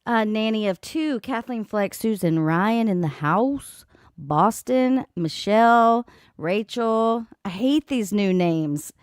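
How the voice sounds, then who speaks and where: A woman's voice: medium pitch, expressive, slow pace, clean tone, no room sound, clean studio sound. A woman hosting a casual livestream from home beside an open back door, chatting and greeting viewers by name. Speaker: livestream host. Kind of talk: casual live chat. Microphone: desk microphone.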